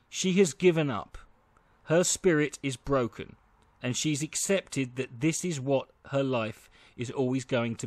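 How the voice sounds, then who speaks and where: A man narrating a film review from a script, measured and posing rhetorical questions. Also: mid-range voice, no room sound.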